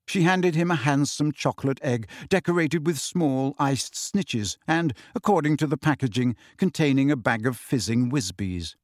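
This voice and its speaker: A man reading a novel aloud as an audiobook narrator, in a measured, deliberate manner. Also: mid-range voice, expressive, dry recording, clean studio sound. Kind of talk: scripted narration.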